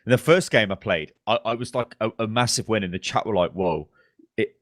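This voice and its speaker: A man's voice: fairly low pitch, fast talker, no room sound, clean studio sound. Laughing, swearing man on a podcast. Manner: laughing, swearing, animated storytelling. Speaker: podcast co-host. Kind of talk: casual gaming chat.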